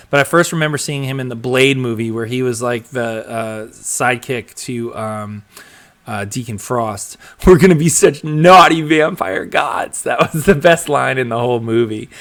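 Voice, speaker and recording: A man's voice: mid-range voice, a bit bright. A young man hosting a live stream in a casual, rambling way, full of ums and restarts as he reads out and answers viewer comments. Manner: rambling, filler-heavy, chuckles and trails off. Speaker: host of a live show reading viewer comments.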